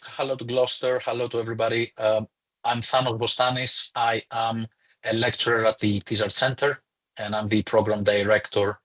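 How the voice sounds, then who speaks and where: A man's voice: mid-range voice, fairly bright tone, husky. A man, a lecturer, hosting a live online webinar in a chatty, welcoming way with some fillers, speaking into a computer mic.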